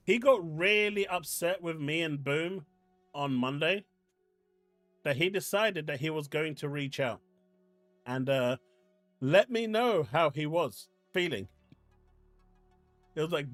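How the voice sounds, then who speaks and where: A man's voice: a little high, lively intonation, measured pace, long pauses, fairly bright tone, no room sound, soft background music. A man casually commenting on a live stream, sarcastic as he reads hostile comments aloud.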